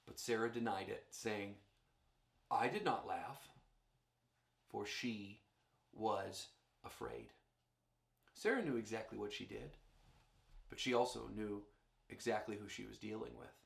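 A man's voice: lowish voice, a little slow, gravelly, pauses often. Man preaching in an echoey room. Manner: animated, storytelling preacher addressing congregation. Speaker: pastor. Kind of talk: sermon.

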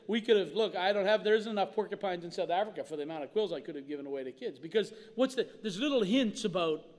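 A man with a strikingly high voice preaching a sermon, his words ringing through a reverberant church hall. He tells stories with animated flair and acts out the people he quotes. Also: quick pace. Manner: animated storytelling with acted-out quotes. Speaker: pastor.

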